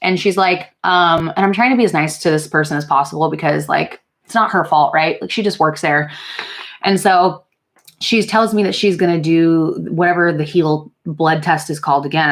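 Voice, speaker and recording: A young woman chatting to camera while she does her makeup, her voice a touch low for a woman. She tells the story frankly and with exasperation, swears without pause, and fills it with "like" and "um". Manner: frank and exasperated, swears freely, many fillers. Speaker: beauty vlogger. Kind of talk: casual get-ready-with-me storytelling. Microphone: camera mic while doing makeup.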